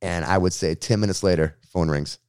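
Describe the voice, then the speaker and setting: A man from Boston, a radio host, telling his story in a casual interview with a slangy, lively way of talking. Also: sits low, a little fast, clean tone, dry recording, studio quality.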